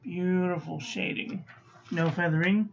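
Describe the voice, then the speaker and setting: A woman's voice: lowish voice, fairly even intonation, unhurried, creaky, slight background noise. Woman rattling off clipped review verdicts. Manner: clipped checklist verdicts, chatty asides. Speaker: ink and paper reviewer. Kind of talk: casual hands-on review narration. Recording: slightly muffled lo-fi recording.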